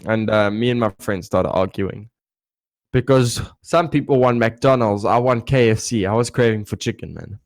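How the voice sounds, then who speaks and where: A man's voice: lowish voice, normal speed, no echo. A young man telling a rowdy story in casual chat, swearing freely and acting out quotes. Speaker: podcast co-host.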